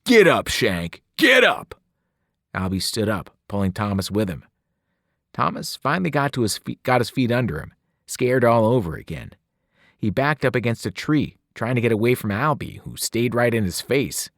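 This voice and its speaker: A man, a teacher, reading a novel aloud with expressive narration. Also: mid-range voice, moderate pace, dry recording, studio quality. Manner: expressive, voices the characters. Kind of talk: audiobook narration.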